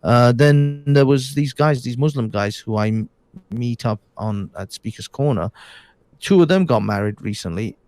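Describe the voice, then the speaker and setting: A tired man at a medium pitch, talking in a casual late-night conversation. He rambles and restarts his sentences often. The sound is dry and close. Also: lively intonation, moderate pace, a little mellow, no room sound. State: tired, yawning. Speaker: podcast guest.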